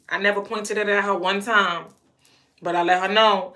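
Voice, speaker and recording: A woman's voice: medium pitch, fairly even intonation, moderate pace, bright, forceful tone. A young adult woman vlogger telling a personal story to camera in a blunt, emphatic way, often stuttering through repeated words.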